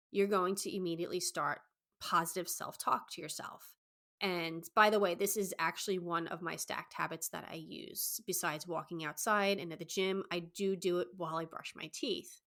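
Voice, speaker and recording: A young woman, a dating coach, giving advice on her podcast in a fast, excited, enthusiastic way. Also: fairly low pitch. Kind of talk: solo podcast advice talk.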